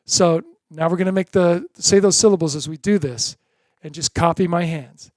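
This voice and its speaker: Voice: medium pitch, normal speed, darkish tone, no echo. A drum teacher giving a beginner lesson in an encouraging way, chanting drum syllables in rhythm.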